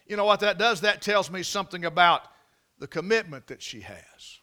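A man delivering a sermon in a high, bright voice. He leans on repetition and slows right down to stress key phrases. He keeps checking in with the congregation through rhetorical questions. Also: lively intonation. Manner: preaching with repeated words, drawn-out emphasis and rhetorical questions. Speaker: pastor.

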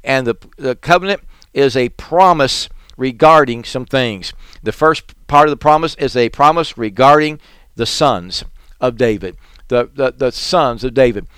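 Male preacher, sermon, chanting repeated phrases, rising and falling volume, clear resonant voice, dry sound. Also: medium pitch, unhurried, fairly bright tone, dry recording. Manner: rhythmic, repetitive preaching cadence, swelling and dropping in volume; chanting litanies and reading scripture aloud.

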